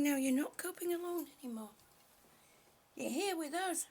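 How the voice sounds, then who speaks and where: A woman hosting a casual live stream, greeting viewers by name, short of breath and breathy, often dropping to a whisper. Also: high-pitched, animated, normal speed, long pauses, darkish tone. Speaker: livestream host.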